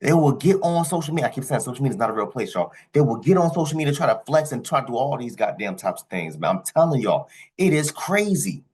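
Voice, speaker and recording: A man with a husky, slightly rough voice delivers a blunt vlog commentary. He talks emphatically and swears freely, and his pitch shoots up on the words he hammers home. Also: lively intonation, fast talker, hardly any pauses, a little mellow, low-quality recording. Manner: emphatic, blunt, profane, pitch jumping high on stressed words. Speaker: commentary vlogger reacting to a clip. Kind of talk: ranting commentary.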